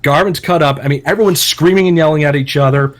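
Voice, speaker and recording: Animated, profane, higher-voiced podcast storyteller man. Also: quick pace. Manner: animated, profane, acts out quotes loudly. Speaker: podcast co-host. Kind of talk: casual storytelling podcast chat.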